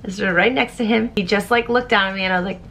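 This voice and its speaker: A young woman vlogging casually through online quizzes, animated and excitable, thinking aloud as she goes. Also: mid-range voice, quick pace, slight background noise. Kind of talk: casual quiz vlog.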